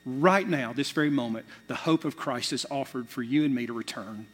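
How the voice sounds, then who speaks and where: A male pastor preaching a sermon, swinging between loud, urgent bursts and quiet, hushed asides. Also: mid-range voice, a little fast, slightly rough. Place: church sanctuary. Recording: long reverb of a large hall.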